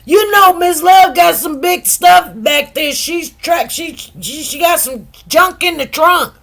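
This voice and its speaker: A woman hosting casual commentary, animated and gossipy, acting out what others said. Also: very high voice, slow pace. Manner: animated, gossipy, laughs often, acts out quotes. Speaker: news commentary host.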